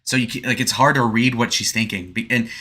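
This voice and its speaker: Bright-voiced young man rambling on stream. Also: mid-range voice, steady tone, a little fast, slightly rough. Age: 20s. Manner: rambling, profane, many fillers and restarts. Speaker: streamer reviewing his own speed date. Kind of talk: casual stream commentary reading chat. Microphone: desk webcam setup.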